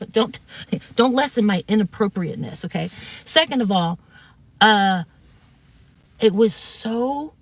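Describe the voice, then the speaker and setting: A woman's voice: mid-range voice, no echo. Heated, profane woman streamer. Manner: heated, profane, retells arguments in acted quotes. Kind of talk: casual storytelling to stream chat.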